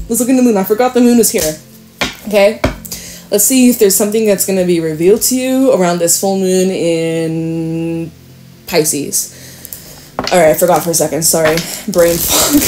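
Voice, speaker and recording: A woman's voice: on the low side, moderate pace, dark tone, faint music behind. A woman reading tarot cards to camera in a casual, chatty way, laughing often and reassuring her viewers. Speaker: tarot reader.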